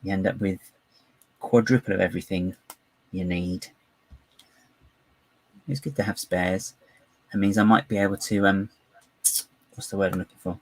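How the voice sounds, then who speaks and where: A man's voice: low voice, fairly even intonation, normal speed, long pauses, husky, no room sound, low-quality recording. A man chatting live while building, rambling, giggly and self-mocking. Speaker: live-streaming LEGO builder.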